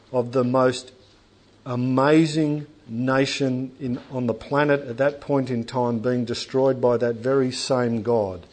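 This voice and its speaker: A man preaching a sermon to a congregation in a church hall, conversational and animated, joking with the room. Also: medium pitch.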